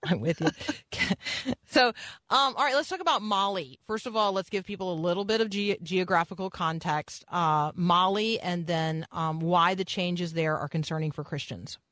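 A woman hosting a morning radio talk show, chatty and self-deprecating, with quick asides. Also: lowish voice, fairly bright tone, dry recording.

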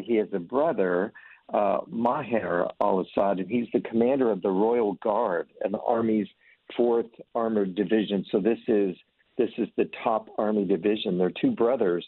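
A man's voice: on the low side, slightly rough, no echo. A man who leads a ministry, telling earnest stories in conversation and acting out the voices in them. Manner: earnest storyteller, acts out voices in anecdotes. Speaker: ministry leader. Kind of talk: conversational testimony. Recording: tinny phone line.

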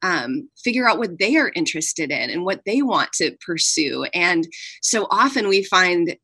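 A woman's voice: fairly low pitch, sing-song, normal speed, bright, forceful tone, slightly rough, dry recording. A woman in her thirties, an author talking earnestly and with animation as an interview guest, often adding "like" and "right". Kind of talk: conversational interview.

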